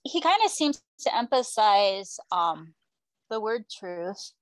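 A woman's voice: medium pitch, big pitch swings, slow, dry recording, rough recording. A woman taking part in a casual Bible study discussion, offering her thoughts tentatively. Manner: tentative, hesitant.

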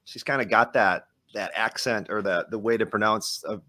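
A man's voice: fairly low pitch, moderate pace, sharp tone. A man hosting a podcast, talking casually in a chatty, rambling way with frequent restarts. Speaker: podcast host. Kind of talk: casual chat.

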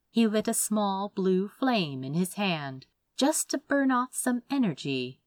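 A woman narrating a fantasy audiobook in a measured, expressive way. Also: on the low side, no room sound.

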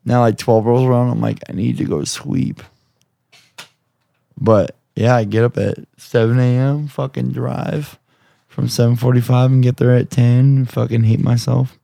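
A man's voice: medium pitch, little pitch movement, normal speed, vocal fry, dark tone, no room sound, clean studio sound. A young man chatting casually about his job, laid-back and rambling, swearing freely. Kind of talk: casual chat.

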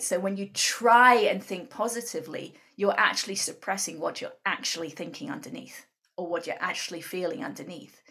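Woman guest explaining stuff in an interview, earnest, keeps saying right?, mid pitch. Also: fairly bright tone. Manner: earnest, often adds "right?". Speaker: guest speaker on emotional tapping.

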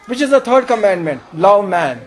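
A man's voice: sing-song, normal speed, some chatter behind. A male preacher delivering a sermon in an emphatic call-and-response style, often asking the congregation questions. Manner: emphatic, with sudden jumps in pitch and volume.

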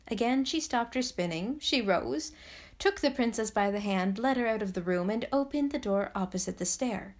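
A woman from Canada hosting a podcast, reading a story aloud in a gentle, soothing, measured way. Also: on the high side, expressive. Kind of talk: bedtime story narration.

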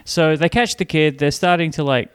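A man's voice: fairly high pitch, moderate pace, clean tone. A man recapping a movie in casual chat, joking and swearing as he goes. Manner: profane, joking, animated recounting. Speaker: podcast co-host.

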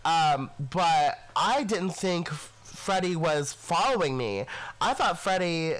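High-pitched man, blunt and profane. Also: lively intonation, slow, a bit bright, rough recording. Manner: blunt, profane, laughing asides. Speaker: podcast co-host. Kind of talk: casual storytelling chat.

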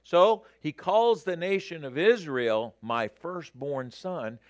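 Animated male preacher, slow and lively. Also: on the high side, no room sound. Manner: animated, rising to emphatic peaks, addresses audience directly. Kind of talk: sermon.

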